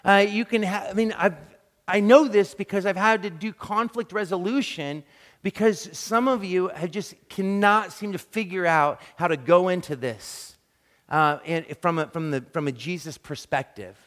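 A man preaching a sermon, telling animated, self-deprecating stories and acting out quick quotes. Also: high-pitched. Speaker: pastor. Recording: long reverb of a large hall.

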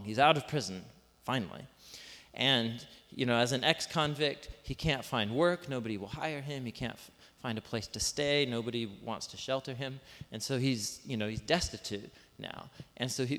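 Casual preacher in a reverberant hall. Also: male voice, mid-range voice, a bit bright. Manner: conversational, informal, full of asides and rhetorical questions; self-deprecating jokes. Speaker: pastor. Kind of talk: sermon. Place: large room with a live congregation. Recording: long reverb of a large hall.

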